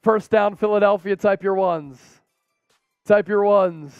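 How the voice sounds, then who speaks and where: A man hosts a rowdy live-stream watch party, calling plays between jokes in a casual, excitable way. His voice is high and smooth. The sound is dry, with a slightly dull tone. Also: unhurried, dry recording, faint music behind. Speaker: host.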